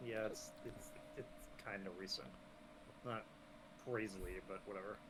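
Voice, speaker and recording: A man co-hosting a casual podcast, dropping in short, relaxed remarks. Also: on the low side, moderate pace, noisy background. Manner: brief, laid-back interjections. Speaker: podcast co-host. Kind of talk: casual chat.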